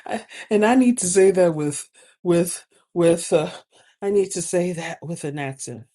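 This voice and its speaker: A woman with a low, mellow voice speaks at an unhurried pace. She gives spiritual advice in a joking, teasing monologue, breaking into laughter often. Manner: playful, laughs often between phrases. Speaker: spiritual advisor. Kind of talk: humorous teaching monologue.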